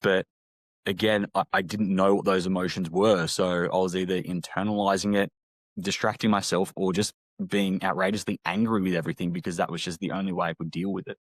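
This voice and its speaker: Low-voiced man, halting and reflective. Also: flat delivery, dry recording. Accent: Australian. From Australia. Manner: halting, reflective, frequent restarts. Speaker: guest, former army medic. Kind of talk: candid interview talk.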